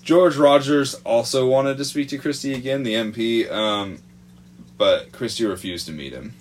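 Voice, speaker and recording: A man's voice: medium pitch, moderate pace, a little hiss or hum. A man co-hosting a podcast, presenting a true crime report in casual chat, hesitant and full of fillers, swearing freely.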